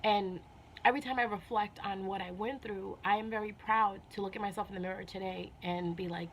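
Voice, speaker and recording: A woman's voice: medium pitch, fairly even intonation, brisk, a little hiss or hum. A woman talking earnestly and heartfelt to her viewers in a casual vlog, repeating herself often and sounding a little emotional. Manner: earnest, repeats herself, many "you know"s. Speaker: spiritual vlogger. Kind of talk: casual heartfelt talk to camera.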